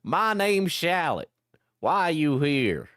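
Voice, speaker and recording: A man voicing an angry backwoods hillbilly with a booming country twang, ranting and frenetic. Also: lively intonation, measured pace, clear, resonant tone, no room sound, studio quality. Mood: unsettlingly friendly.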